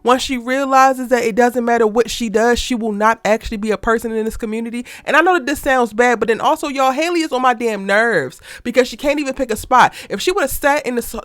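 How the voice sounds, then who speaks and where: Brief: sassy female recap host, animated, dry close sound. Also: a little high, a little fast, few pauses, no echo. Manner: sassy, animated, heavy slang and cursing. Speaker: soap opera recap host. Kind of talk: casual commentary vlog.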